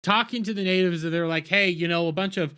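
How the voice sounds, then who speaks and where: A man's voice: sits high, fast talker, sharp tone, smooth. A man casually recapping a show episode, rambling with stammered restarts and incredulous outbursts. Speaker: show reviewer.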